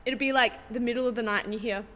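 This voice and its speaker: Playful young woman co-host, high voice, long room reverb. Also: racing, very noisy. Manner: giggly, animated, playful. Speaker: podcast co-host, fitness studio. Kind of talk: casual chat.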